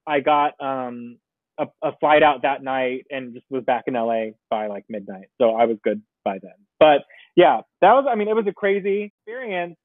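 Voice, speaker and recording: A man as a podcast guest, telling a story in an animated, casual way and laughing often. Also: medium pitch, normal speed, no echo. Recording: tinny phone-like line, dry.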